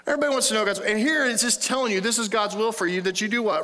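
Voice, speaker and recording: Bright high-voiced pastor preaching. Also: male voice, lively intonation, fast. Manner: conversational, playful, asks the congregation questions. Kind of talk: sermon. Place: church sanctuary. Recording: long hall reverb in a church.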